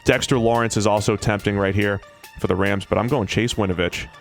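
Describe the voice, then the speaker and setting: A man in a casual sports podcast, chatting quickly and correcting himself as he talks through draft picks. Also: on the low side, steady tone, gravelly, soft background music. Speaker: podcast analyst.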